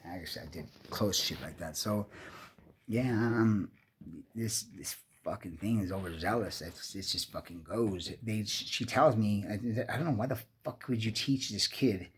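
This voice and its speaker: Man, fifties, lowish voice; loose, profane, meandering monologue full of restarts. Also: normal speed, breathy edge. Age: 50s. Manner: profane, meandering, restless storytelling. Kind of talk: rambling personal monologue.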